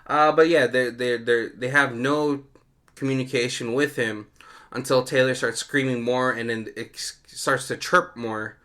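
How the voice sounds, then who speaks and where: Podcast co-host, male, bright tone, lively storyteller in casual chat. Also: mid-range voice, a little slow. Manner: animated storytelling with frequent laughs. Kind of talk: casual movie commentary chat.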